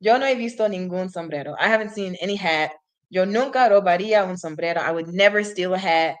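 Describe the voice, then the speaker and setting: Nervous storybook rabbit, voiced by a woman, fast and defensive. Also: fairly low pitch, natural voice. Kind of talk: storybook read-aloud.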